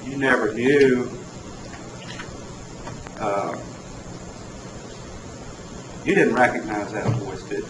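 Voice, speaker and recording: A man's voice: medium pitch, takes it slowly, pauses often. A man cross-examining a witness in a courtroom, asking pointed, pressing questions. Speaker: defense attorney. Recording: echoey courtroom audio from far off, with noise.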